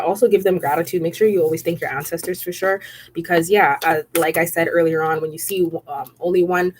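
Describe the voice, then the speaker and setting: Woman, lowish voice, casual tarot reader, chatty and repetitive, laughs often, faint background hiss. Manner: chatty and repetitive, often checking in with "okay?" and "right?"; laughs often while speaking. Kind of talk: casual spiritual tarot reading.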